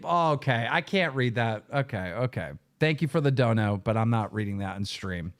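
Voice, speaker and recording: A man's voice: medium pitch, lively intonation, normal speed. A man hosting a live stream, reacting to clips in a heated, profane rant and often repeating himself.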